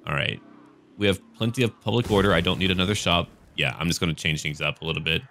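Laid-back low-voiced American gamer. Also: male voice, fast talker, sharp tone, soft background music. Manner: laid-back, chatty, jokey, swears casually. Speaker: gaming let's-play host. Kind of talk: casual game commentary.

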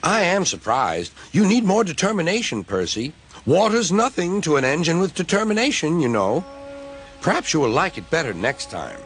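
A man's voice: on the high side, wildly swooping pitch, moderate pace, a bit bright, breathy edge, voice pushed up, exaggerated voice. A man doing a proud, snorting grumpy engine. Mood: mocking. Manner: scornful, huffy, mocking. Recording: music playing underneath.

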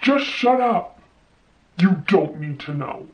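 A woman's voice: on the low side, expressive, slow, darkish tone, distant mic, muffled recording, voice pushed down. A woman playing a rude, menacing male intruder. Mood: curt. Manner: curt, dismissive. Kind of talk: reading game dialogue aloud in a voice.

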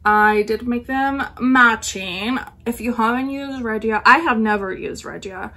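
A woman's voice: a little high, a little slow, bright, forceful tone. A woman hosting a knitting podcast, chatting casually in a rambling way, full of ums and self-corrections. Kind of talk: casual chat.

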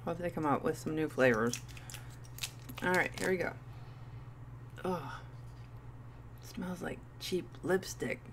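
A woman's voice: low voice, slow, pauses often, a little hiss or hum. A woman in her thirties doing a playful candy review vlog, with goofy asides. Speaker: vlogger.

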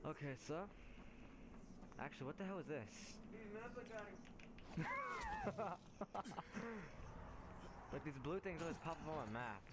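Young male gamer, loud and profane, slow drawl, noisy mic. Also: a little high, huge pitch swings. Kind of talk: gameplay commentary.

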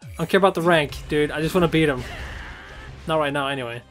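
A man commentating his own gameplay, yelling and swearing at the fight. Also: a little high, quick pace, soft background music. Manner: excitable, swears and yells at the game. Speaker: let's play gamer.

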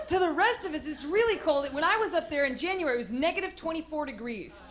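A woman doing a stand-up comedy set on a club stage, bursting into loud acted-out voices and shouts. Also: high-pitched, lively intonation, fast, few pauses. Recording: live club with noisy crowd.

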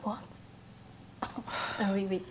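A woman's voice: medium pitch, level tone, extremely slow, a little hiss or hum. A young woman with a Nigerian accent playing a level-headed best friend who talks casually and reasons things out. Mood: reasoning.

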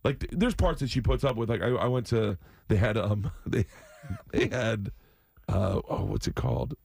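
A man who works as a comedian, telling animated comic stories as a guest in a radio studio and laughing through his lines. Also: lowish voice, moderate pace, gravelly, husky, dry recording. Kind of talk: comedic storytelling.

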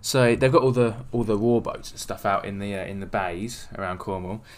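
Rambling man, low voice. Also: fairly quick. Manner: rambling storyteller, acts out quoted people. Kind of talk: casual chat.

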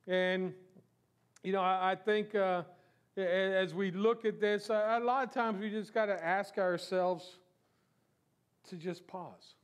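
High-pitched man preaching a sermon. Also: steady tone, takes it slowly, long pauses, smooth. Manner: conversational preaching with rhetorical questions. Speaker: pastor. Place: church sanctuary.

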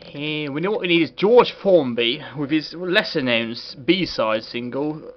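A man's voice: on the high side, animated, unhurried. A man doing a comedic game review in a put-on posh voice, sarcastic and full of swearing. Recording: dull lo-fi recording with faint hiss.

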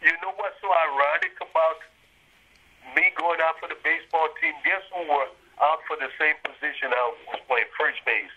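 An older man, a retired college baseball coach, tells his story in an interview captured on dull, lo-fi audio. His voice runs a bit high and breathy, steady and moderately paced, and he's emphatic, acting out people he quotes and checking in with "you got me?"

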